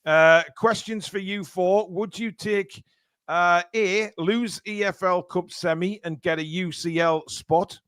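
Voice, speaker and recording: A man's voice: sits high, steady tone, slow, a bit bright, clean tone, no echo, clean studio sound. A man hosting a casual live stream, reading out donations with lots of fillers. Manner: rambling, many fillers. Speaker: stream host reading super chats.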